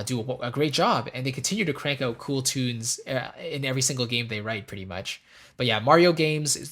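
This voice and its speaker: A man teaching a music theory lesson in a relaxed, casual way, pausing to hum melody lines on "da". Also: mid-range voice. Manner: explains calmly, hums melodies on "da".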